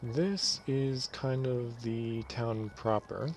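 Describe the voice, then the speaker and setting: A man's voice: medium pitch, extremely slow. Man casually commentating a game. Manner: relaxed, rambling, self-correcting. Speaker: let's play host.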